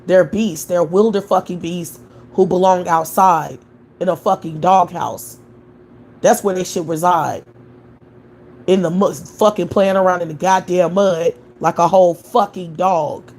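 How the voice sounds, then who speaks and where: A woman's voice: on the low side, fairly even intonation, measured pace, darkish tone, slight background noise. A young adult woman hosting a live stream, answering chat in a profane, scornful rant with mocking laughter. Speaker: livestream host.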